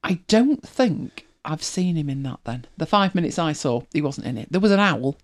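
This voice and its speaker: A deep, expressive voice at normal speed belongs to a middle-aged woman from Manchester, England. With a mild accent, she hosts casually, rambles, laughs often and reads comments from listeners.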